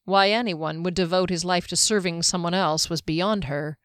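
A woman narrating an audiobook with a steady, even storytelling manner. Her voice sits low. The recording is close and dry. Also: moderate pace, smooth, dry recording.

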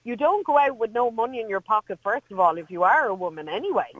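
A woman's voice: on the high side, animated, fast talker, phone-quality sound, a loud crowd. A woman co-hosting a radio show, frank and chatty. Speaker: radio co-host.

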